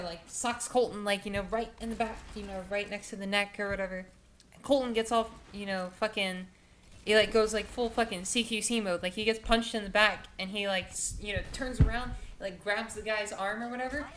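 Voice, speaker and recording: A woman's voice: medium pitch, fairly even intonation, moderate pace, noisy background. A young adult woman telling a story casually, rambling and profane, with many filler words. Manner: rambling, profane, heavy with "like" and "you know".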